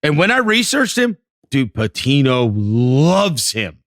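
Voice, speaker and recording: A man's voice: mid-range voice, big pitch swings, takes it slowly, fairly bright tone, dry recording, studio quality. A man co-hosting a casual basketball podcast, eagerly telling a story and piling on details. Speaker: podcast co-host. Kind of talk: casual sports chat.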